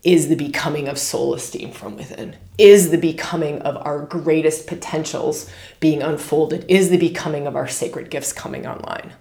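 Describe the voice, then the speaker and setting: A woman with a lowish voice hosts a spiritual podcast and talks in an animated, casual way. She repeats key words for emphasis. The recording has a roomy echo. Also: normal speed, gravelly. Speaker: podcast host.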